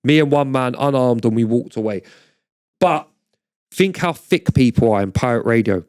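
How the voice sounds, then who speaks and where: Man, middle-aged, podcast guest, blunt and slangy, swears freely, mid-pitched voice. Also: moderate pace, darkish tone, smooth. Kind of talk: casual storytelling chat.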